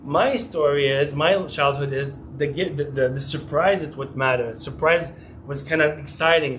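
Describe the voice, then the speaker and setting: Man giving a talk with stories, higher voice. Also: a bit bright, a little hiss or hum. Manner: conversational, acts out quoted dialogue, frequent restarts. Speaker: marriage and family therapist giving a talk. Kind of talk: live community talk with personal stories. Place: mosque community hall.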